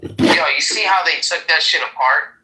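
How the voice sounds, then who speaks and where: A man's voice: on the high side, normal speed. A man on a livestream call, slangy and profane. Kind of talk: casual livestream chat. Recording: bright echoey call-in audio.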